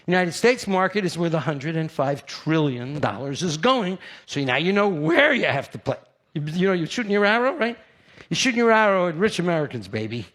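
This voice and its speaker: Older new york guy doing a keynote, brash and animated, pokes at the crowd. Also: on the high side, a little fast. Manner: brash, animated, teasing the audience. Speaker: keynote speaker. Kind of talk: conference keynote.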